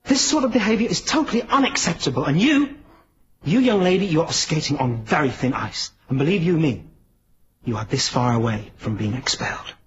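A woman's voice: deep voice, lively intonation, fairly quick, a little hiss or hum. A performer playing a prim, flustered male schoolteacher who keeps scolding a pupil in an exasperated way. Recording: lo-fi clip with audience laughter.

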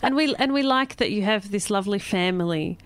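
A woman's voice: medium pitch, lively intonation, a little fast. A woman co-hosting a radio chat show, playful and chatty, laughing often. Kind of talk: casual chat.

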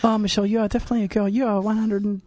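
A woman's voice: mid-range voice, flat delivery, very fast, darkish tone, dry recording. A woman co-hosting a radio show, chatty and upbeat, taking listeners through announcements. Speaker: radio co-host. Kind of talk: casual chat. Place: radio studio.

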